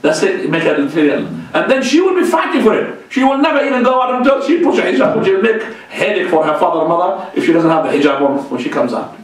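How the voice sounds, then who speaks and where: Animated preacher in a very echoey hall. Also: male voice, high voice, brisk, distant mic. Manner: animated, joking, repeats religious exclamations. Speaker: sheikh giving a talk. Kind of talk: informal mosque lecture with questions. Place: large mosque hall.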